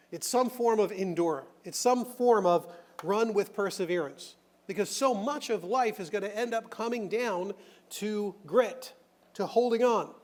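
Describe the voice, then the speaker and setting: Man pastor, high voice, casual sermon delivery, lots of restarts and fillers, animated. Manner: conversational, animated, rhetorical questions; frequent restarts and filler words.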